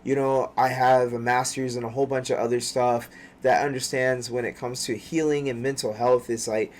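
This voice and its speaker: A man's voice: medium pitch, flat delivery, moderate pace. A man, a former pro soccer player, guesting on a podcast and talking casually with emphatic, profane conviction. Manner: profane, emphatic, preachy when serious. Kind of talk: casual chat.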